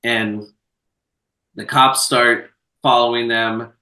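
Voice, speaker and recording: A man co-hosting a podcast recaps a film in a loose, profane storytelling style. His voice is bright and forward. He sits a little back from the mic, and the room around him is echoey. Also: medium pitch, level tone, slow pace, distant mic. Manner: laid-back, profane storytelling with filler words. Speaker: podcast co-host. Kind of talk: casual chat recapping a film.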